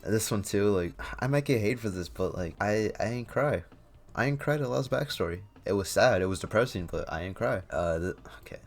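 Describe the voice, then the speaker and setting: A man's voice: fairly low pitch, expressive, fairly quick, faint music behind. A man giving casual tier-list commentary, rambling and slangy, often stopping to correct himself. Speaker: YouTuber ranking anime items.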